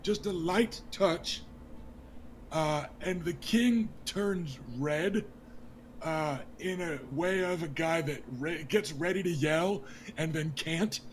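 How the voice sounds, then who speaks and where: A man runs a tabletop game in a high voice with an easy, unhurried pace. He narrates in a casual, joking way. A faint hum stays in the background. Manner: casual and joking, with laughs and fillers. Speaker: game master.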